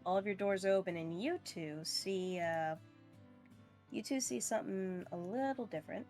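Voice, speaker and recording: A woman game master narrating a pet tabletop adventure at a middle pitch. She meanders, with frequent fillers and easy laughter. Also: moderate pace, darkish tone, soft background music.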